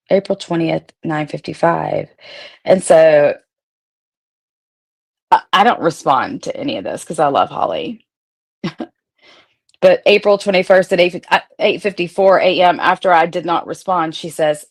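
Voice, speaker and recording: A woman's voice: on the low side, unhurried, gravelly, pauses often. A woman hosting a casual livestream, talking bluntly and swearing freely as she addresses her viewers directly. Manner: blunt, profane, talks straight to viewers. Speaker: streamer host.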